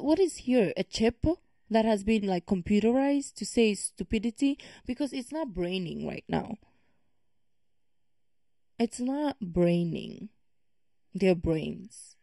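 A woman's voice: medium pitch, warm tone, no echo, studio quality. A woman giving casual reaction commentary, ranting in an emphatic, exasperated way. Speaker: reaction video creator.

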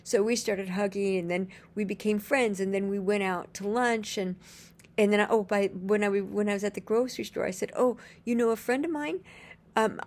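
A woman's voice: mid-range voice, steady tone, brisk. A woman telling a personal story in a casual, earnest and gushing way, chaining events with "and then" as she rambles along.

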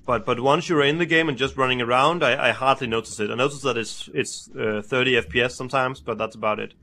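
A man's voice: mid-range voice, fairly even intonation, quick pace, bright, forceful tone. A young man co-hosting a casual chat about a video game, hesitant and often repeating words while he searches for them. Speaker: co-host.

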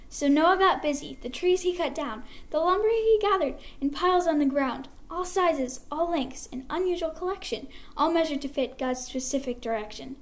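A woman telling a rhyming Bible story at a church service, reading in a lively, rhythmic, expressive way. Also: sits high, normal speed, hardly any pauses.

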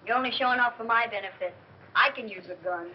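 An actress playing a quick-witted young woman reporter, brisk and teasing, in 1930s film style on an old soundtrack. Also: a little high, lo-fi sound, heavy background noise, natural voice.

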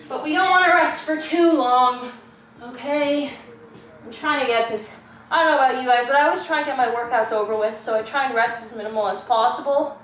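A woman's voice: fairly high pitch, fairly bright tone, slight background noise. Breathless woman counting workout reps. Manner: counting reps aloud, swearing and groaning with effort. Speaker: fitness vlogger. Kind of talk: follow-along workout instruction. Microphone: camera at a distance. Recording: echoey room, camera far off, music behind.

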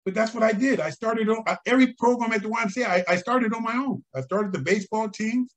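An older man, a guest on an interview show, tells animated stories with chuckles and acts out the voices of people he quotes. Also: sits high, quick pace. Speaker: interview guest, former umpire and scout. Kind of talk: conversational storytelling.

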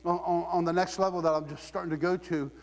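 A man delivers a sermon in a loose, joking way, laughing as he goes. His voice sits a little high. The sound rings with the long reverb of a large hall. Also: steady tone, fast. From Ohio. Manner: humorous, conversational, laughing often. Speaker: preacher.

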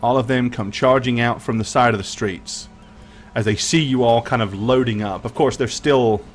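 A man's voice: mid-range voice, moderate pace, slight background noise. A man narrating as game master of a tabletop game, with rambling, filler-heavy speech.

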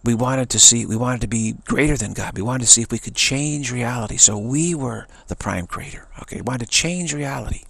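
A man's voice: medium pitch, brisk, gravelly, few pauses, fairly bright tone, breathy edge, no echo. A man giving an earnest spiritual talk, telling a story and repeating phrases for emphasis. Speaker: spiritual teacher.

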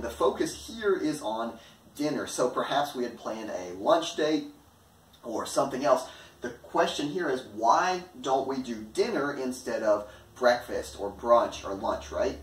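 A man giving an explanatory lesson as an online instructor, lively and playing with stress and pitch in his examples. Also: unhurried. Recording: echoey room, mic at a distance.

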